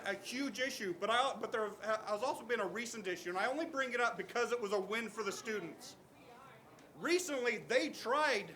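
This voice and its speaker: A man with a very high, sharp, piercing voice delivers an impassioned protest speech outdoors. He builds from plain talk to angry shouting at the crowd, and faint noise sits under the sound. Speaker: student protest speaker.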